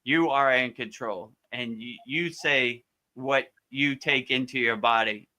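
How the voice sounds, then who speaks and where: Laid-back guy teacher giving advice on a live q&a, bright clear voice, lots of uh and you know. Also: mid-range voice, unhurried. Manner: easygoing, repeats words, many fillers. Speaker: spiritual teacher.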